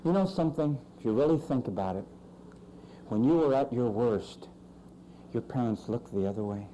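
A male pastor preaching a sermon with emphatic swings in pitch and loudness. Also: lively intonation, moderate pace, a little hiss or hum, low-quality recording.

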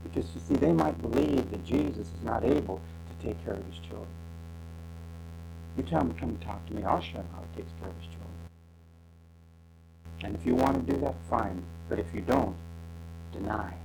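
A man's voice: big pitch swings, fairly quick, creaky, long pauses, slight background noise. Sarcastic male pastor preaching. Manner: sarcastic, mocking and storytelling; swings from loud outbursts to low asides. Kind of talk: sermon.

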